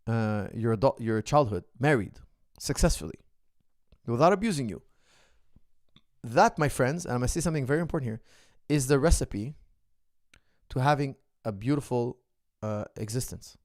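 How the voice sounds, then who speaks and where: A man's voice: mid-range voice, animated, moderate pace, long pauses, darkish tone, no room sound, clean studio sound. A middle-aged man, a martial arts coach, answering viewer questions in an earnest, philosophical casual monologue. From the West.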